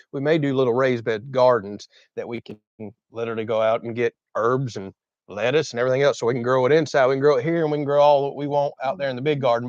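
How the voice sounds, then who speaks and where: A man with a deep Southern Florida drawl, casually reading and answering viewers' questions on a livestream. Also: no room sound, muffled recording. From Southern United States. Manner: relaxed, reads viewer questions aloud and chats. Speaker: co-host of a channel livestream.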